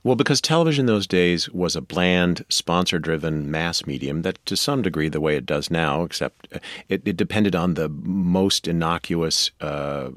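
A man as a radio interview guest, telling history in a measured, storytelling way. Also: low voice, no room sound, studio quality.

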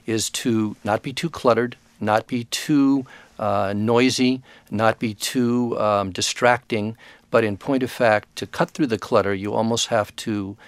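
A low-voiced male author answers questions in a radio interview. He talks thoughtfully and with plenty of small hesitations, and he is recorded close and dry. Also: no room sound. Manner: thoughtful, measured, with frequent hesitations. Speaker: author and guest expert.

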